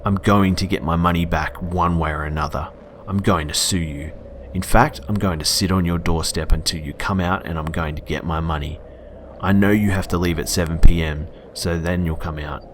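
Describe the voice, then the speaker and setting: A man voicing an angry, pushy grown man in a storybook reading, speaking in a forceful, threatening way with an Australian accent. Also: deep voice, fairly even intonation, moderate pace, a little hiss or hum, close to an everyday voice.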